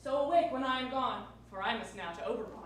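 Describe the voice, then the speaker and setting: A teenage girl playing a mischievous servant fairy on stage, with lively swooping delivery. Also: fast, a little hiss or hum, natural voice. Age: teens. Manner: lively, swooping pitch, hushed to shouted. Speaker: stage actor. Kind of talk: stage Shakespeare acting. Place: school theater stage. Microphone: distant room mic. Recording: echoey stage from far off.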